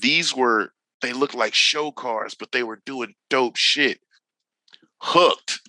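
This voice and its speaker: A man in his forties from Northern California, a podcast guest telling stories casually, animated and slangy, acting out the people he quotes. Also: medium pitch, measured pace, no room sound, rough recording. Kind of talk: casual storytelling chat.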